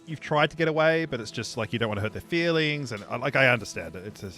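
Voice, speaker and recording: A man's voice: medium pitch, animated, fast talker, pushed and bright, soft background music. An Australian man joking and rambling as a player in a tabletop game, with many fillers and restarts. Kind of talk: casual tabletop game play.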